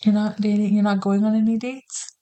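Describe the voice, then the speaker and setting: A woman's voice: mid-range voice, flat delivery, brisk, dark tone, poor audio. Teasing, foul-mouthed woman podcast host. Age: 30s. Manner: teasing, profane, pushy interviewer. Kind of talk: casual chat.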